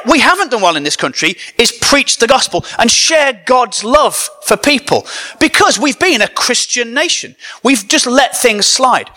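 A high-voiced man preaching with a comedian's timing, his pitch swinging widely as he jokes and banters with the crowd. His tone is bright and forceful, full of animated energy. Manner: animated, joking, banters with the audience. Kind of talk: comedic sermon to a live audience.

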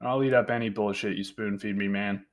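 A man's voice: on the low side, steady tone, brisk, lightly acted. A man doing a tired, hesitant young researcher. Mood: casual.

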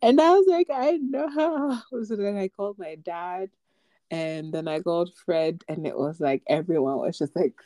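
Low-voiced young woman telling a story. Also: lively intonation, normal speed, warm tone, no echo. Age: young adult. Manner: chatty storytelling with many fillers and laughs. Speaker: podcast co-host. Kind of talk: casual chat.

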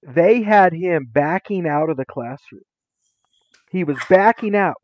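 A man speaking as an interview guest, telling stories with lively acted-out quotes. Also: on the high side, unhurried, lo-fi sound. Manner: lively, acts out quotes with shifting voices. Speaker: interview guest, former teacher and administrator. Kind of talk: animated storytelling.

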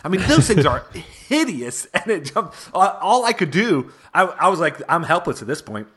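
Animated, laughing dad telling a story. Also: male voice, on the high side, normal speed, slightly rough. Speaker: podcast co-host, father. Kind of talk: casual storytelling chat.

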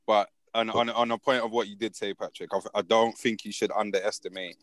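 A man's voice: fairly low pitch, steady tone, a little fast, dry recording. A young father chatting casually on a podcast, telling stories steadily and laughing easily. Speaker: podcast co-host. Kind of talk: casual chat.

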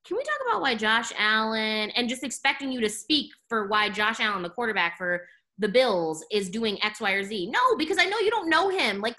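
A woman talking in a casual podcast chat, blunt and animated, saying "like" a lot and swearing freely. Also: a little high.

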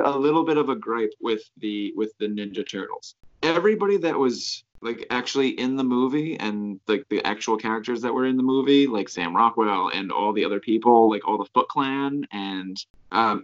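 A podcast co-host chatting casually and rambling through stories, often imitating other people. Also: mid-range voice. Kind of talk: casual chat. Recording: slightly dull lo-fi audio.

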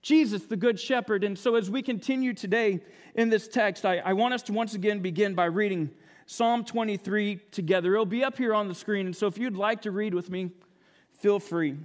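A man's voice: high voice, brisk. A man, a lead minister, preaching a sermon earnestly and often repeating words as he goes. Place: church sanctuary. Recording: reverberant church hall.

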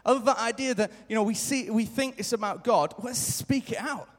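A man's voice: very high voice, normal speed. A man preaching a sermon live in a church, earnest and repeating his key lines for emphasis, sometimes acting out little quoted remarks. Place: church hall. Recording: live church hall reverb.

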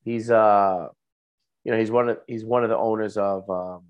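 A man's voice: fairly low pitch, fairly even intonation, normal speed, clear, resonant tone, lo-fi sound. A man co-hosting a casual podcast, telling stories in a laid-back way and swearing now and then. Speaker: podcast co-host. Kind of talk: casual chat.

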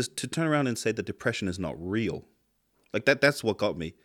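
A man, co-hosting a podcast in casual chat, talking with heated emphasis and heavy swearing. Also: on the low side. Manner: impassioned, swears a lot, rising emphatic outbursts. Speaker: podcast co-host.

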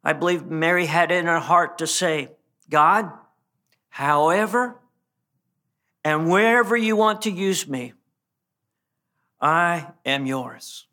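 A man preaching a sermon in an earnest way, often restarting and repeating words, and dropping low and quiet for emphasis. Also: unhurried, long pauses. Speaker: pastor.

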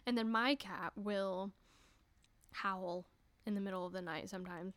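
A young woman hosting a casual solo podcast, chatty and giggly, swearing freely and breaking into quick voices. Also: mid-range voice, steady tone, a bit bright, dry recording. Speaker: podcast host.

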